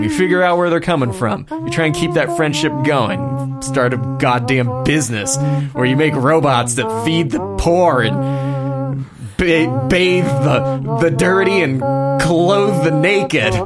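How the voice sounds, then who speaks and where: A man's voice: fairly high pitch, voice pushed up. A man voicing a defiant male hero delivering an impassioned, scolding speech in his own everyday voice.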